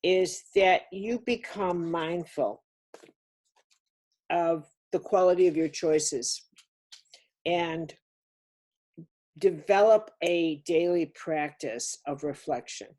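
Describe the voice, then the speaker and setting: A woman's voice: lowish voice, slow pace, pauses often, a little mellow. An older woman giving a spiritual teaching talk on a webinar, emphatic and insistent, repeating key words. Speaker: speaker on a webinar.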